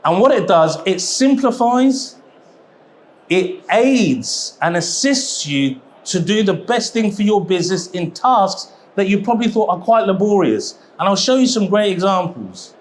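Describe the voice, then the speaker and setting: A man presenting a seminar at a trade expo, chatty and jokey, with quick asides. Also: high-pitched, sing-song. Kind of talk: live seminar talk. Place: exhibition hall seminar.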